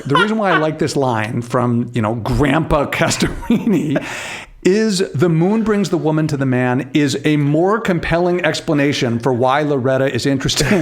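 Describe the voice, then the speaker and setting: A man's voice: fairly high pitch, slight background noise. A man co-hosting a casual podcast, talking animatedly with laughing asides and frequent restarts. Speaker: podcast co-host.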